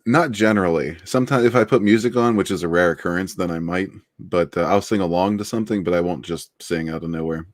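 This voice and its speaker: A man's voice: low-pitched, quick pace, few pauses, no room sound, studio quality. A man being interviewed on a casual livestream, laid-back and rambling, laughing often. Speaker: interviewed author.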